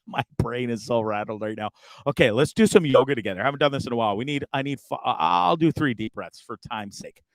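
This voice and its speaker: A man's voice: medium pitch, animated, fast talker, no echo, clean studio sound. A man hosting a casual live stream from a campground. He rambles, swears freely, trips over his words, and sounds openly frustrated. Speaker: livestream show host.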